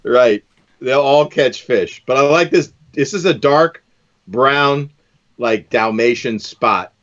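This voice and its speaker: A man's voice: medium pitch, slow pace, fairly bright tone, dull audio. A man hosting a live stream, chatting casually and enthusiastically while tying fishing lures, often calling people "man".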